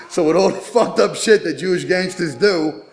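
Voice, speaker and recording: A man's voice: sits high, measured pace, faint music behind. A man, a rapper, talking casually in an interview and telling boastful, profane stories.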